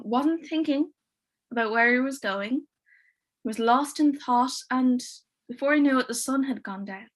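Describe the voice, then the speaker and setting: A woman with a high voice tells a ghost story on a livestream. She keeps it hushed and dramatic, at times sinking almost to a whisper.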